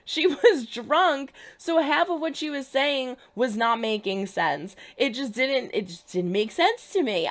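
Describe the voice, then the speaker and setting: A woman's voice: high voice, lively intonation, measured pace, hardly any pauses. A young adult woman hosting a reaction channel, talking through a TV episode in an emphatic, exasperated way. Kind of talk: casual TV reaction commentary.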